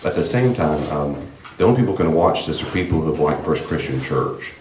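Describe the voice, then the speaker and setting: A man leading a church class on grief, speaking in a gentle, reassuring, conversational way with many fillers. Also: rumbling low, expressive, brisk, echoey room, a little hiss or hum. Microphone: room microphone.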